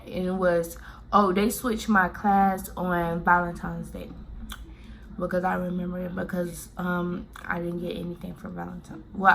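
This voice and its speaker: A woman's voice: lowish voice, vocal fry, a little hiss or hum. A woman from Miami telling a personal story in a casual, rambling way, full of fillers and restarts. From Miami, Florida.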